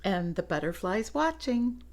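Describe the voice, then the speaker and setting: Slow, gentle woman reading to children. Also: mid-range voice, very animated. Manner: slow and gentle, pointing out pictures, laughing softly. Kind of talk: children's picture book read-aloud.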